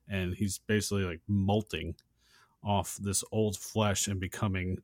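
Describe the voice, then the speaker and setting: Low-voiced man chatting casually, dry sound. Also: a little slow, dry recording. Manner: casual, reacts by voicing his own thoughts, speeds up when excited. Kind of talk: casual chat.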